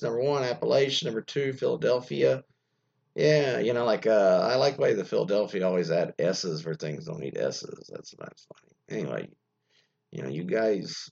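A man's voice: fairly low pitch, lively intonation, moderate pace, creaky, a little mellow. A man hosting an online radio show, chatting casually and rambling through an article with fillers, asides and the odd curse. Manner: rambling, many fillers and trailing asides, mildly profane. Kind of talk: casual solo talk, reading an article aloud with comments. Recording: lo-fi muffled sound.

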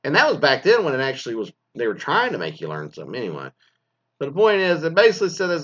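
A man in his forties, a former teacher from Texas, ranting bluntly with constant swearing and animated storytelling. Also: mid-range voice, quick pace. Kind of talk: profane ranting monologue. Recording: slightly dull lo-fi recording.

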